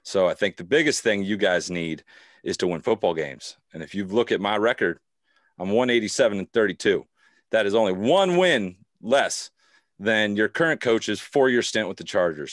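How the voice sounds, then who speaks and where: A man's voice: fairly low pitch, lively intonation, normal speed, a bit bright, no echo, studio quality. A man joking boastfully as a guest in a comedic mock job interview. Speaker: podcast guest.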